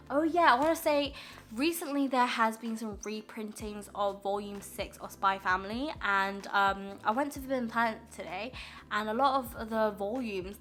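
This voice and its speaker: A woman's voice: mid-range voice, bright, forceful tone. A young woman chatting casually through a manga haul, gushing and filling with lots of ums and likes. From United Kingdom. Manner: chatty and gushing, many fillers. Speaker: manga vlogger.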